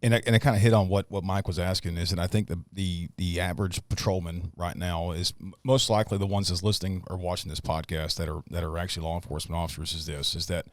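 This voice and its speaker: Male podcast host, very low voice, dry close sound, halting and full of restarts. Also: fairly even intonation, no echo. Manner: halting, restarts often while framing points for the audience. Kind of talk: podcast interview talk.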